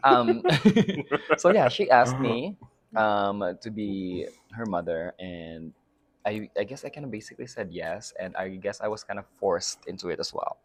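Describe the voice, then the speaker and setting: Lively, giggly man from the Philippines. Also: on the low side, a little slow. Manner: chatty and giggly, lots of fillers, trails off mid-sentence. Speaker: interview guest, drag house mother. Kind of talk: casual interview chat.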